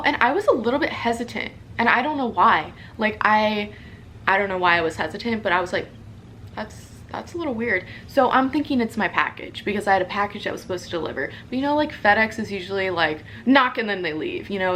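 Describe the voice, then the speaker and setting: A woman's voice: medium pitch, a bit bright, a little hiss or hum. A young woman telling a story from her home in a casual vlog, chatty and full of "like" and "you know". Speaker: social media creator.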